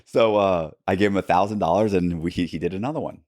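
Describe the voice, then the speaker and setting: A middle-aged man tells a story as a podcast guest, his low voice sitting close and dry on a studio mic. He talks in an animated, casual way, tripping over restarts and calling the host "bro". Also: dry recording. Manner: animated, fast retelling with many restarts and "bro".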